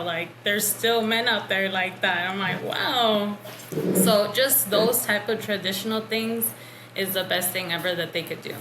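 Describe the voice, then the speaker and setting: A woman guest in a casual chat who speaks frankly, with hesitant fillers. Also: mid-range voice. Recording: echoey room with faint noise.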